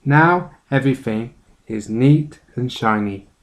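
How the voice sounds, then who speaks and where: A man's voice: medium pitch, lively intonation, slow. A man reading a storybook aloud, voicing a fussy, house-proud farmer's wife. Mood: satisfied.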